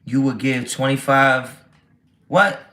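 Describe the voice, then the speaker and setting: A man's voice: medium pitch, slow pace, bright, forceful tone. A man hosting a casual football livestream, talking brashly and with a lot of swearing as he answers his chat. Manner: brash, profane, reads chat aloud. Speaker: livestream host.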